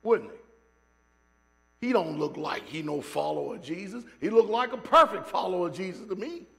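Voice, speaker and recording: A man preaching in a church sanctuary. His voice sits high and he tells stories with fiery, shouted peaks, then drops into casual, joking asides to the people in the pews. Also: lively intonation, moderate pace, vocal fry. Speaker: pastor. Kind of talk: sermon.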